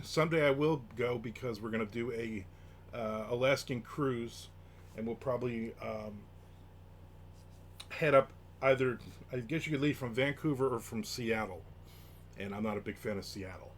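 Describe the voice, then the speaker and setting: A man talking casually to his live-stream chat at an ordinary pitch, loose and rambling. He reads out comments as he goes. A faint hiss of background noise sits under his voice. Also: moderate pace. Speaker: livestream host.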